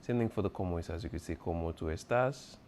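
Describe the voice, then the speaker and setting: A man's voice: low-pitched, fast talker, darkish tone, a little hiss or hum. A man as a teacher going over an exam review, patiently repeating key points and checking in with his students. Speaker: Spanish teacher.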